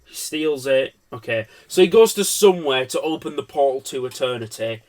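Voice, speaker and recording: A man's voice: medium pitch, animated, normal speed, a little mellow. A man giving an unscripted film review, rambling, swearing and cutting himself off mid-thought. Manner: rambling, profane, self-interrupting.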